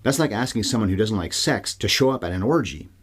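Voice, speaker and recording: A man's voice: on the low side, lively intonation, fast talker, husky. A man hosting a solo film review podcast, talking in a casual, irreverent way with wry, sarcastic asides. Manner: profane, irreverent. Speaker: podcast host.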